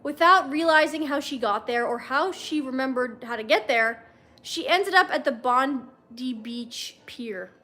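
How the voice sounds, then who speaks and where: Brief: young woman, high voice, casual livestream read-aloud with wry asides. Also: unhurried, pushed and bright. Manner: chatty, wry comments between passages. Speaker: livestream host reading fanfiction.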